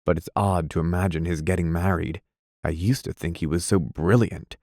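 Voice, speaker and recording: A man reading aloud, playing a self-pitying, quick-tempered young husband who drinks, plaintive and flaring. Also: low voice, steady tone, a little mellow, no echo, clean studio sound. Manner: plaintive, flaring into weak anger.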